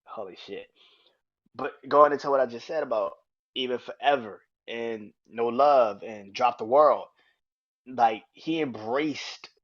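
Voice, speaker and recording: Young male podcast host, casual excitable rambler, heavy fillers, mid-pitched, dull recording. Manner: excitable, swears freely, lots of "like" fillers. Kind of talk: casual monologue about music.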